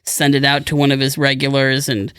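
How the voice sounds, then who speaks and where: A man's voice: medium pitch, completely flat delivery, brisk, a bit bright, clear, resonant tone, dry recording, clean studio sound. A middle-aged man co-hosting a casual podcast, telling a long rambling anecdote and acting out the people in it. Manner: rambling storyteller who acts out quoted people. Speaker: podcast co-host. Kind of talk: casual chat.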